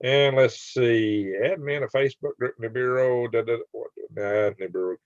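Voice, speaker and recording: A man's voice: mid-range voice, normal speed, dry recording. A man hosting a late-night livestream, joking, laughing often and reading chat comments aloud. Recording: dry, slightly dull sound.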